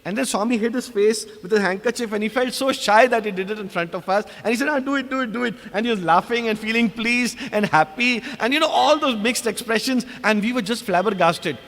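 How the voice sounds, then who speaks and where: A man's voice: high voice, a little fast, few pauses, long reverb tail. A man with an Indian English accent, animatedly telling devotional memories to an audience at an ashram. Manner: animated, acts out quoted exchanges. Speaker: speaker sharing devotional memories. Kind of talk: devotional storytelling talk. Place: ashram hall.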